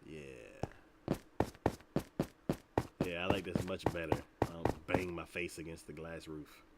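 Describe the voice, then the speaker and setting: A man's voice: sits low, slow, very noisy. A man hosting a gaming podcast, chatting casually while he plays and telling stories with lots of laughter. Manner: animated storytelling with frequent laughter. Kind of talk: casual chat while playing.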